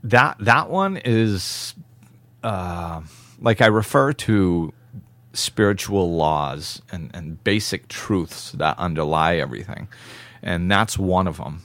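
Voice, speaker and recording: Deep slow-talking podcast host man. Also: no echo. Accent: New England, mostly softened. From northern Massachusetts. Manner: laughs often, relaxed and reflective. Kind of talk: casual podcast chat.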